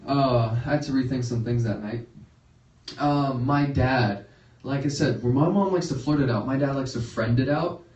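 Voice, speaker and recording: A man's voice: moderate pace, a little mellow. Young guy doing standup, giggles at his own jokes, echoey room, mic a ways off. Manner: laughs at his own jokes, jumps into high yelps when acting out his reactions. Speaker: stand-up comedian. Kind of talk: stand-up set. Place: comedy studio stage. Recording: roomy, picked up from a distance.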